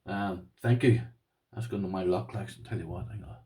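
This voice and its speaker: A man with an Irish accent and a somewhat low voice talks casually to his viewers. He rambles with restarts and sounds chatty and appreciative as he looks over padlocks. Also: fairly quick, a little mellow. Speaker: lock-picking vlogger. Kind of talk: casual unboxing chat.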